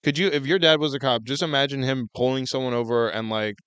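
A young man co-hosting a podcast, joking bluntly in casual chat and chiming in with quick reactions. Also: medium pitch, fairly even intonation, a bit bright, smooth, no echo, dull audio. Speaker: podcast co-host.

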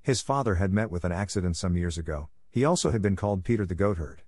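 Male audiobook narrator, low register, dry close sound, steady measured storybook reading. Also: husky, dry recording.

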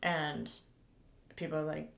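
A woman's voice: low-pitched, steady tone, slow pace, gravelly. Giggly young woman in an echoey room. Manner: giggly, rambling, lots of filler words. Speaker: podcast guest. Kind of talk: casual chat.

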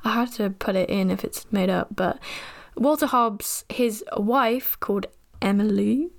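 A woman's voice: medium pitch, measured pace, creaky. A young woman hosting a podcast and recapping a film in a chatty, rambling, self-deprecating way. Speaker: podcast host.

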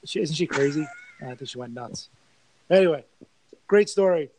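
A man's voice: on the high side, normal speed, a little hiss or hum, poor audio. A man hosting a casual sports podcast, swearing freely and telling stories with animation. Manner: profane, animated storytelling. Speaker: podcast host.

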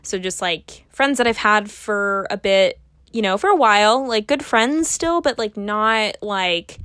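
A woman in her twenties talks through a casual solo podcast at an unhurried pace, piling up fillers and restarts. She is self-mocking and swears offhand, and her voice sits in a middle pitch. The sound is dry and close. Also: expressive, fairly bright tone, smooth, dry recording. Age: 20s. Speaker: podcast host.

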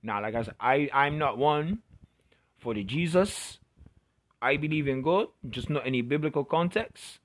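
A man's voice: fairly high pitch, lively intonation, normal speed. A man giving a passionate, blunt, profanity-laced motivational rant to camera.

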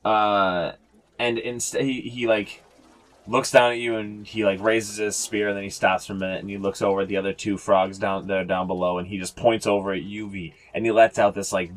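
A man with a fairly low voice running a tabletop game as game master. He narrates loosely, with plenty of "like" and "uh" and the odd curse. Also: level tone, moderate pace. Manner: rambling, filler-heavy, swears casually.

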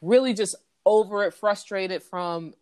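A woman co-hosting a casual chat, recapping a TV episode in a relaxed way, with many fillers. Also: mid-range voice, a little slow, clean tone, dry recording. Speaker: podcast co-host recapping a TV episode.

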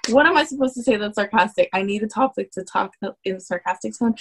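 A teenage girl co-hosting a casual podcast, earnest and quick to protest when teased. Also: mid-range voice, a bit bright, husky, poor audio. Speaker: podcast co-host. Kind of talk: casual chat among friends.

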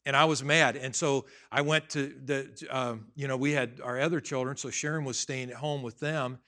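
Bright-voiced male pastor preaching conversationally. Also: medium pitch, steady tone, moderate pace. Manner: conversational, swings from quiet asides to loud emphatic bursts. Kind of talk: sermon with personal story.

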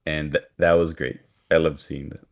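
Deep-voiced man with wry asides. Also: little pitch movement, normal speed. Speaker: podcast co-host. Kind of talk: casual recap chat.

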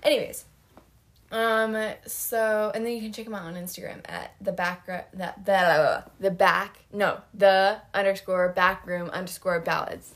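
A woman's voice: mid-range voice, fairly even intonation, a little slow. A young woman co-hosting a podcast in casual chat, rambling with lots of fillers and giggles. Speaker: podcast co-host.

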